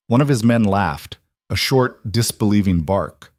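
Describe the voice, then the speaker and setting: A man's voice: fairly low pitch, expressive, unhurried, darkish tone, dry recording, clean studio sound. A man reading scripted narration of a tense story in a dramatic, suspenseful way.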